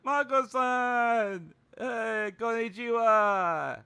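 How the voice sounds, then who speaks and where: Man putting on a squeaky anime girl voice, shrieking, panicky, bright. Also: extremely slow, gravelly, clean tone, exaggerated voice. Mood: cheerful greeting. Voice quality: squeaky falsetto with broken English. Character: shrill excitable young anime girl streamer.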